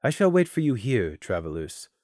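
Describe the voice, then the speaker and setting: A man's voice: mid-range voice, very animated, normal speed, mellow, no echo, studio quality, lightly acted. A man voicing a formal, polite male stag guide who speaks courteously in old-fashioned phrasing. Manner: courteous, archaic formal speech.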